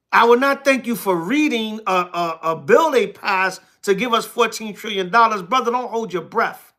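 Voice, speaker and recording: High, bright-voiced preacher answering his chat. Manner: reads scripture slowly, then talks back to commenters in blunt, repetitive bursts. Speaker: elder teaching scripture on a livestream. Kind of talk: sermon mixed with casual replies to live chat.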